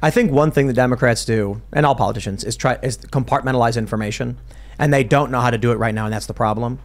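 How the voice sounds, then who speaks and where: A man's voice: medium pitch, quick pace. A man hosting a political talk show, talking in a casual, rambling way with many restarts. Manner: animated, rambling with restarts, mimics accents. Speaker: podcast host.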